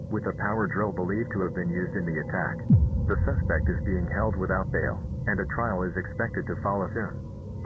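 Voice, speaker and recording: A man's voice: sits low, lightly acted. A man reading a grave, formal news report as an in-game anchor. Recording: tinny phone-like broadcast with loud hiss.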